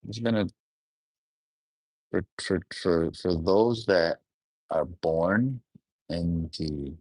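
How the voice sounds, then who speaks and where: In an unscripted solo monologue, an astrologer thinks out loud, often rewording himself, leaving thoughts unfinished, and posing reflective questions to the listener. He has a low, slightly mellow voice and draws out his words, with no room sound.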